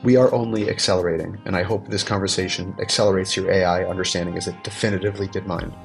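Nasal-voiced man with a gravelly low voice. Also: steady tone, quick pace, faint music behind. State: nasal from a cold. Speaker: podcast host. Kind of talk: podcast intro and interview.

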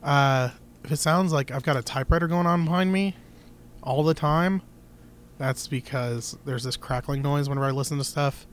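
A chatty man co-hosting a gear podcast, speaking a little higher than most men. He rambles through his stories and slips into quoted voices along the way. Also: normal speed. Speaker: podcast co-host. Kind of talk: casual chat. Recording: with a faint crackle from his new computer setup.

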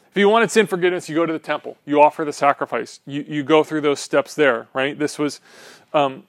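Teaching a small Bible class in a church room, a man with a slightly high, fairly even voice talks fairly quickly and informally. He keeps adding "right?" between points and restarts himself. There's no echo.

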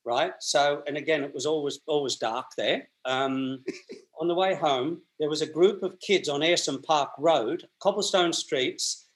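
Rambling man, higher-pitched voice. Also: measured pace. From Australia. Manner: rambling, restarts and repeats words, colloquial. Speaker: guest. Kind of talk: storytelling in a conversational interview.

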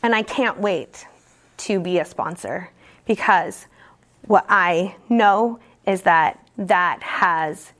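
A woman telling her own recovery story at a support meeting, candid and earnest, halting often with fillers and restarts. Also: on the low side, fairly bright tone. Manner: earnest and emotionally open. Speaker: speaker sharing at a recovery meeting. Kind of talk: personal recovery testimony.

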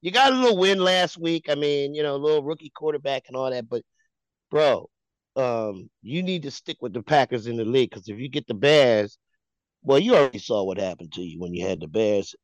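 A man's voice: medium pitch, animated, brisk, dry recording, low-quality recording. A man from Philadelphia co-hosting a sports podcast, teasing his co-host with mock indignation. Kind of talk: casual sports chat.

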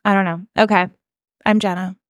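A young woman co-hosting a podcast in casual chat, relaxed, chatty and wry. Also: mid-range voice, normal speed, no echo, studio quality. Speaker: podcast co-host.

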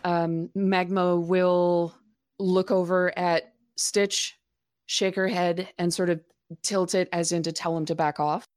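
Slow, low-voiced woman playing a tabletop game. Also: little pitch movement, no room sound, clean studio sound. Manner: hesitant, with many fillers. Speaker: player.

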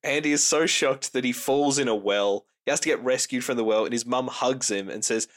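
A man hosting a podcast, recapping a film plot in casual, wry chat. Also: fairly quick. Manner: wry, joking recaps with lively pitch. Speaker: podcast host. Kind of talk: casual movie review chat.

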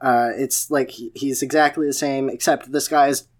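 A podcast host recapping a novel in casual chat, animated and laughing often. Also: medium pitch, moderate pace. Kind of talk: casual comedic book recap.

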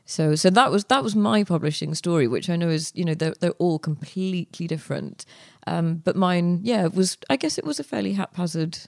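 A young woman, a guest author, telling her story in a relaxed interview, chatty with many fillers and restarts. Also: lowish voice, brisk, gravelly, hardly any pauses, no room sound, studio quality.

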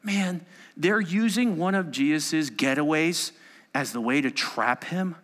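A man preaching a sermon and reading scripture aloud, swinging between hushed asides and loud exclamations. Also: fairly high pitch, unhurried. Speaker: pastor. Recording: long hall reverb.

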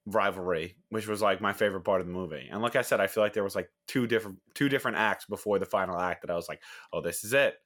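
A man with a somewhat low voice talks about a film in an easy, chatty way. He hedges his opinions and fills his sentences with fillers. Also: fast talker, hardly any pauses, a bit bright. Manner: chatty, hedging, with frequent fillers. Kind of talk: casual movie review chat.

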